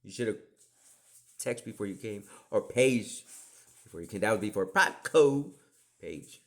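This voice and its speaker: A man's voice: lowish voice, expressive, measured pace. A middle-aged man hosting a podcast, telling rambling stories in a profane, digressive way, often dropping into whispered asides. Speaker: podcast host. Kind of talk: rambling storytelling monologue.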